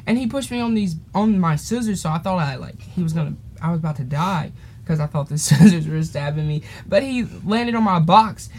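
A man's voice: a little high, lively intonation, brisk, a little mellow, a little hiss or hum. Rambling teen guy telling a story. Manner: rambling, laughs often, goes off on tangents. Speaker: podcast host. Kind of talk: casual storytelling chat.

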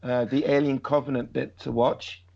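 A man's voice: medium pitch, little pitch movement, normal speed, creaky, mellow. A man losing his voice, chatting casually and agreeably on a podcast. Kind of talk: casual chat. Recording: dull lo-fi sound.

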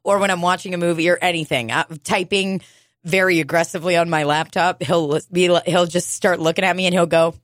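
Woman, podcast co-host, casual chat, swears a lot, laughs often, fairly low voice, dry sound. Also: steady tone, fairly quick, no room sound.

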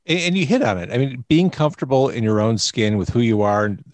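A man's voice: mid-range voice, fast talker, no echo. Rambling male interviewer, dry sound. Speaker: interviewer, host of a comedy series. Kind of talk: casual interview chat.

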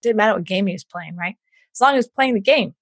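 A woman from the States, telling her story in an interview in an animated way, acting out what others said and laughing often. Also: medium pitch, fast talker, no room sound. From Southern United States. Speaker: entrepreneur guest.

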